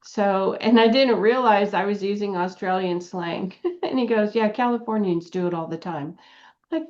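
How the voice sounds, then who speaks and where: A woman's voice: mid-range voice, moderate pace. Woman coach, storytelling tone, lo-fi call audio. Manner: storytelling, thoughtful, warm laughs. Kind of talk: casual roundtable chat. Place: California.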